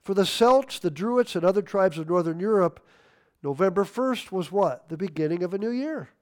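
A man preaching a sermon, emphatic, swinging between loud stressed words and quiet asides. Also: high voice, animated, moderate pace.

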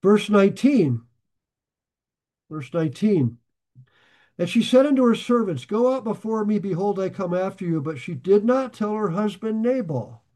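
A man's voice: high-pitched, expressive, brisk, hardly any pauses, dark tone. A man leading a conversational Bible study sermon, reading verses aloud and then explaining them in loose, joking asides. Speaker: Bible teacher.

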